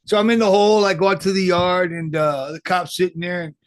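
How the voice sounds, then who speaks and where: A recently paroled man delivers loose, rambling commentary packed with swearing and street slang. His voice is high and a little fast. The recording is clean studio audio with no echo.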